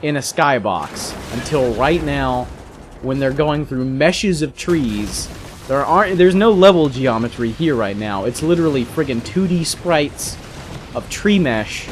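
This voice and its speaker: A young man rambles through casual gameplay commentary, cracking jokes and breaking into excited outbursts. His pitch swings widely, so the delivery sounds lively and animated. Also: measured pace, slight background noise. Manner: rambling, jokey, excitable asides. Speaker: let's play host.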